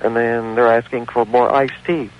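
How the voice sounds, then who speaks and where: A man's voice: medium pitch, flat delivery, normal speed. A male instructor, explaining and acting out examples. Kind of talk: news soundbite. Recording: dull lo-fi radio clip.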